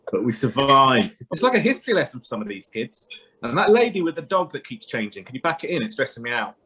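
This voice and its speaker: A man's voice: mid-range voice, sing-song, fast talker, sharp tone, a little hiss or hum. A man in his forties doing stand-up comedy, chatty and rambling, often turning to the crowd with questions. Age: 40s.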